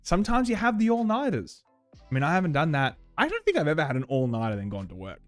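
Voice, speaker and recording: A young Australian man hosting a casual livestream, reading out viewer comments and rambling with restarts and sudden animated outbursts. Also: fairly high pitch, quick pace, no room sound, soft background music. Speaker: livestream host.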